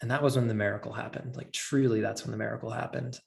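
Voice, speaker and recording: Man, gravelly voice, earnest, personal story, podcast guest, mid pitch. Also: fairly even intonation, fast. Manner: earnest, heavy use of "like".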